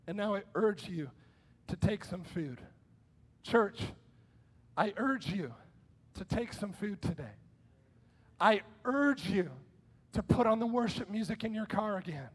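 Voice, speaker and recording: A male pastor giving an energetic, conversational sermon with sudden shouted lines. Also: sits high, moderate pace. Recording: long hall reverb.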